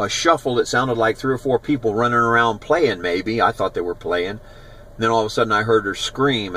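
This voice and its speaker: A man's voice: mid-range voice, bright, forceful tone, low-quality recording. A man in his sixties telling old stories on a walking tour, rambling and conversational as he points out places on a residential street. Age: 60s. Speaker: YouTube vlogger. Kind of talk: walking tour with personal storytelling.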